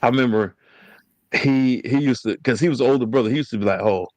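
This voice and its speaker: A man hosting a podcast, telling family stories in a casual, animated and profane way. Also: medium pitch, quick pace, dry recording, poor audio. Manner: animated storytelling, slangy and profane. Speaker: podcast host.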